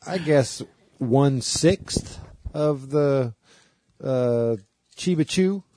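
A man's voice: mid-range voice, extremely slow, mellow, no echo. A man hosting a podcast in a casual, profane, rambling chat, laughing often. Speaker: podcast host.

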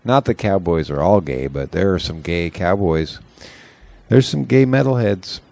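A man's voice: sits low, lively intonation, unhurried, gravelly, darkish tone. A man from Oregon who hosts a casual podcast chat and runs a comedy showcase, rambling and swearing as he tells stories. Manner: rambling, profane, storytelling.

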